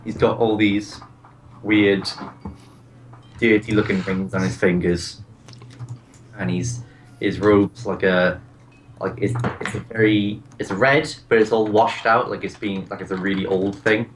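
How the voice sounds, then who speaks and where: Male game master, lower voice, loose rambling scene descriptions. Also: steady tone, measured pace, pauses often, slight background noise. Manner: rambling descriptions with many fillers. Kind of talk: narrating a tabletop game.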